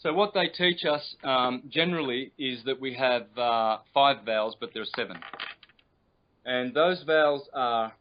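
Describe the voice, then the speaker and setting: Over a video call, a man acting as a guest teacher explains things patiently and instructively, drawing out vowel sounds as he demonstrates them. His voice is medium in pitch. The audio has the lo-fi quality of an internet call.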